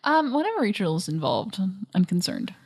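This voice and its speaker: A woman's voice: medium pitch, normal speed, husky. Easygoing young woman co-host. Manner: easygoing, agreeing backchannels, relaxed opinions. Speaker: podcast co-host. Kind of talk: casual recap chat.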